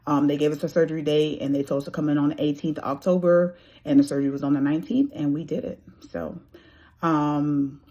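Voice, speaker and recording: A woman in her thirties with a deep voice speaks a little fast, casually telling her own story. She's animated and acts out the voices of the people she quotes.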